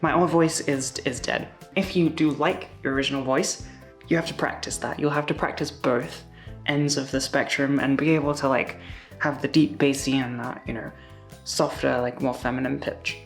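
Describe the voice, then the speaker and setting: A young woman talks straight to the camera in a loose, rambling vlog voice, low in pitch for a woman. She fills her talk with small asides and fillers. Faint music plays softly behind her. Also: normal speed. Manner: chatty, uses many fillers and little asides. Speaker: YouTuber. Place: home.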